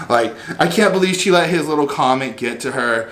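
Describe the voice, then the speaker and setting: A man's voice: medium pitch, brisk, few pauses, fairly bright tone. A man ranting as a vlogger, rambling and sarcastic, loaded with fillers. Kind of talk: comedic rant. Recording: roomy echo.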